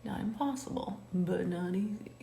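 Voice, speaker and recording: A woman's voice: medium pitch, normal speed, creaky, dark tone, slight background noise. Chatty woman, makeup tutorial, roomy echo. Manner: chatty and encouraging, coaching the viewer. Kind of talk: talking while doing her makeup on camera.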